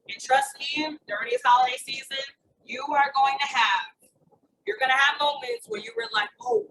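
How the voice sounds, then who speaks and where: A woman in her thirties coaching with punchy emphasis, her voice high and swinging widely in pitch. She sits a little back from the mic, with clear background noise behind her. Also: recorded from a distance. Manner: emphatic, repeats mantras, says y'all. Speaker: wellness coach. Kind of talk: coaching talk.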